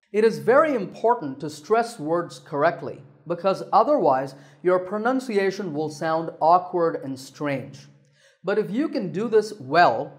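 Guy teaching english pronunciation, bit higher voice, careful and clear, drags out the example words. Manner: clear, deliberate, stretches example words slowly. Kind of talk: scripted lesson narration.

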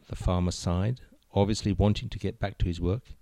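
A man narrating a joke story in a steady, measured way. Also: low voice, dry recording.

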